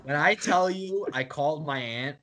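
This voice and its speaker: A man's voice: on the high side, moderate pace, a bit bright. A man appearing as a guest on a casual podcast, explaining things in a plain, easygoing way.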